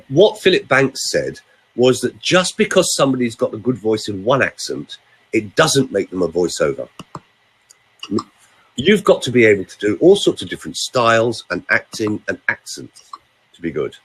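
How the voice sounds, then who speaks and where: A man's voice: mid-range voice, very animated, moderate pace, breathy edge, low-quality recording. An older man, a vocal coach and voiceover actor from the United Kingdom, chatting casually and theatrically through anecdotes. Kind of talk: casual chat.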